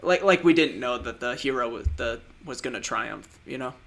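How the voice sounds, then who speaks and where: A man's voice: medium pitch, lively intonation, normal speed, creaky, fairly bright tone. Rambling man chatting about movies. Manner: rambling, trails off, laughs often. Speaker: podcast co-host. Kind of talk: casual chat about movies.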